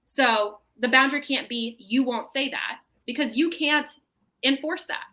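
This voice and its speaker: Bright-voiced woman giving parenting advice. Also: high-pitched, measured pace, low-quality recording. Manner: explanatory, tags statements with "right?". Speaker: mental health professional guest. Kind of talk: casual advice chat.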